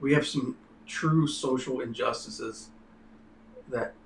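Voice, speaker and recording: A man's voice: medium pitch, slow pace, creaky. Rambling man in a roomy space. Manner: rambling, leans on "you know". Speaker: livestream co-host. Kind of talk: casual political discussion. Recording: roomy with faint noise.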